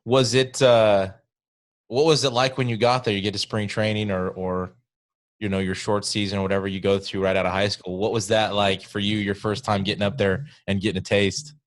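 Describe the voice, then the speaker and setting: A man's voice: lowish voice, level tone, fairly quick. A man hosting a podcast, asking a guest questions in a casual conversational way. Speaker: podcast host. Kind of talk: casual interview.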